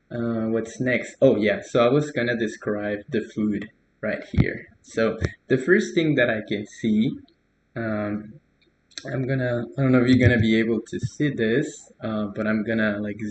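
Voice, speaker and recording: Slow, hesitant young man tutoring. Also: on the low side, echoey room, a little hiss or hum. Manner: relaxed, hesitant, many fillers, soft laughs. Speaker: language tutor. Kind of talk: casual correction of a learner's post.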